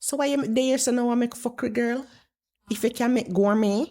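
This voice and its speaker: A woman's voice: on the high side, brisk, warm tone. A woman doing blunt, mocking reaction commentary and swearing freely.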